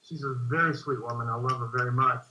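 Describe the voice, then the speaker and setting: A man's voice: medium pitch, fairly even intonation, quick pace, bright, forceful tone. A man calling in to ask a question, speaking hesitantly with many fillers. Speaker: caller. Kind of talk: call-in question. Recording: dull lo-fi call line.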